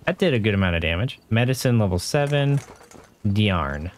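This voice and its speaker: Man, let's play host, casual gameplay chatter, self-mocking, mutters reactions, mid-pitched voice. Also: animated, moderate pace, slight background noise.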